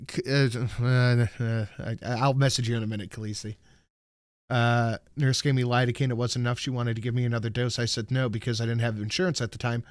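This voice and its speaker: A man's voice: mid-range voice, clear, resonant tone, no echo, studio quality. A man streaming live, telling a rambling story with plenty of swearing and stopping to read out chat messages. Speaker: livestreamer. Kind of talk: casual chat.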